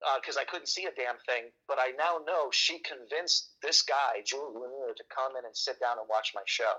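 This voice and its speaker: Guy spinning a funny yarn on a podcast, bright kinda husky voice, muffled sound. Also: mid-range voice, moderate pace. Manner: animated, joking storyteller. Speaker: guest storyteller, magician. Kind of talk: casual chat, storytelling.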